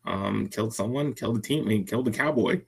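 A man's voice: fairly low pitch, fast, vocal fry, husky. A man co-hosting a sports podcast, talking hesitantly with many restarts. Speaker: podcast co-host. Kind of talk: casual sports chat.

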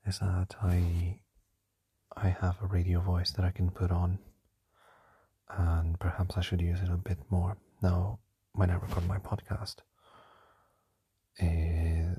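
Lying down at night in a shared home, a young man whispers his nightly podcast diary, keeping quiet so his sleeping housemates aren't disturbed. His low, dark voice is very breathy, and he speaks slowly and flatly, often pausing on fillers.

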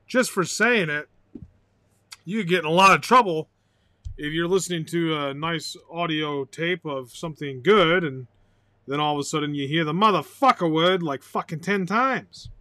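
A high-voiced man rambles through a solo podcast monologue. He is excitable and profane, breaking into loud outbursts and laughter. The sound is dry and close, with no room echo. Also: moderate pace. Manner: excitable, swears loudly, bursts into shouting and laughter. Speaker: podcast host.

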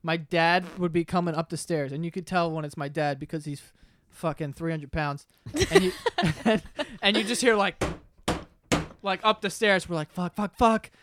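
A man's voice: a little high, normal speed. A young man hosting a casual chat with friends, telling childhood stories with a lot of laughing and swearing. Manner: laughing often, swearing, animated retelling. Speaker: podcast host. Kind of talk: casual storytelling among friends.

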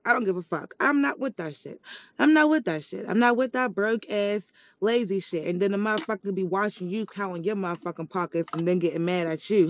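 A woman's voice: mid-range voice, no echo. Woman, heated vlog rant, heavy swearing, dull lo-fi sound, dry close audio. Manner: profane, emphatic, repetitive scolding. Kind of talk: ranting monologue vlog. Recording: dull lo-fi recording.

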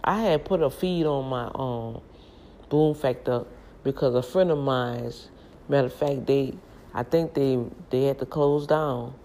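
A woman's voice: extremely low pitch, a little slow, slight background noise. Chatty New woman telling stories. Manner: animated, chatty, laughs at herself. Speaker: vlogger. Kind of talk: casual storytelling vlog. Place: home kitchen, indoors.

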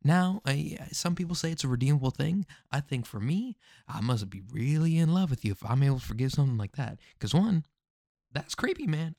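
A man talking through a story in casual commentary, animated and joking, with rhetorical questions and slangy asides. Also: a little high, fairly quick, creaky, no room sound, clean studio sound. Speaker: commentary host.

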